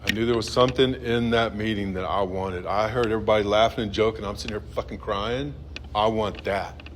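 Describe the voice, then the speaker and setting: A man in his fifties telling his own recovery story in a halting, blunt, profane way, heard on a noisy recording. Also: lowish voice, fairly even intonation. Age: 50s. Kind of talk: personal testimony at a meeting.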